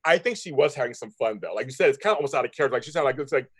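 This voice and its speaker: A man chatting excitedly and gushing as a panelist on a soap opera recap show. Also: medium pitch, husky, no room sound. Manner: excitable, gushing, rapid talk. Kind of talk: casual chat.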